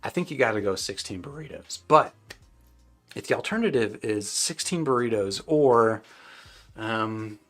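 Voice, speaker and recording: A man's voice: lowish voice, animated, a little slow, fairly bright tone, soft background music. Chatty man reading out live chat. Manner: loose, chatty, many fillers and restarts. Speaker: host answering live stream chat. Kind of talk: casual live stream Q&A.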